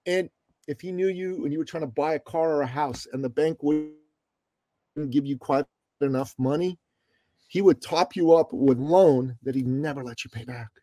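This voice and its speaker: A man from Iran speaks as a podcast guest, his mellow, warm voice pressing each point with preacher-like emphasis. He moves from loud declarations to hushed, heartfelt storytelling. The sound is dry and close. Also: a little high, normal speed, no echo. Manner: emphatic, preachy, rises and falls in loudness. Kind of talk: impassioned interview storytelling.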